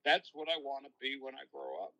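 Older New broadcaster, bright and forward, spins long reflective stories as an interview guest. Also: male voice, medium pitch, little pitch movement, brisk, gravelly, poor audio. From New York. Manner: long-winded, reflective storytelling. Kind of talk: casual interview, storytelling.

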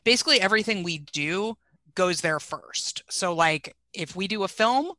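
A woman speaking as a podcast guest, brisk and promotional as she lays out where to find her work. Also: lowish voice, expressive, bright, forceful tone, no room sound. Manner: teasing, then brisk and promotional. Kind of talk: casual chat.

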